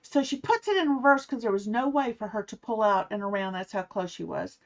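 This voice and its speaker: A woman's voice: medium pitch, a little fast. A middle-aged woman telling a personal story in a casual way, acting out the people she quotes. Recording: slightly muffled, dull sound.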